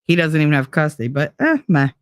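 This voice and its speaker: A middle-aged woman with a deep voice and a cold hosts a livestream, rambling quickly, bluntly, and profanely to her viewers in animated storytelling. The recording is dry and clean, with studio sound.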